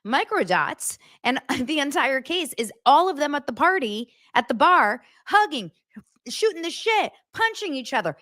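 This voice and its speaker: High, lively, sarcastic woman commentator. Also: no echo, clean studio sound. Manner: sarcastic, incredulous, fast-talking. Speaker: commentary host. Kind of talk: casual true-crime commentary.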